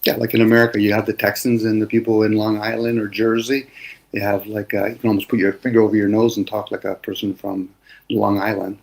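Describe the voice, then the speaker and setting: A man's voice: lowish voice, flat delivery, quick pace, vocal fry, poor audio. A man from Canada chatting casually as a co-host, easygoing and thinking aloud with the odd chuckle. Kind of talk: casual chat.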